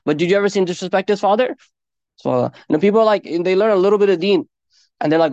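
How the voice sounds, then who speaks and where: Fast-talking earnest male preacher. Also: high-pitched, a little mellow, no echo. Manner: earnest, conversational, peppered with Arabic phrases. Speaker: Islamic preacher. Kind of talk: informal sermon to a congregation. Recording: dull lo-fi dry recording.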